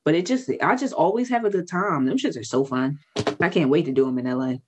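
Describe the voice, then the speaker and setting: A woman in casual chat, blunt and animated, swearing freely and jumping high when heated. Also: fast, background noise.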